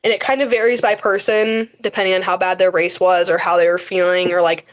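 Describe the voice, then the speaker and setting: A woman's voice: on the low side, level tone, a little fast. A teenage girl talking as a podcast guest in a casual interview, chatty and full of fillers, often acting out her own words to others. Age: high school teen. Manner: chatty, frequent fillers and quoted self-talk. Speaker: guest, high school runner.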